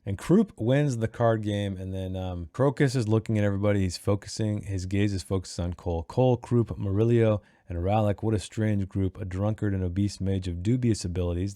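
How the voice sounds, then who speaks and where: A man hosting a casual online book club. He talks about the chapters in an animated, opinionated way and often restarts his sentences. His voice is low and mellow, and the sound is close and dry. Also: no room sound. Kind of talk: casual book review and read-aloud.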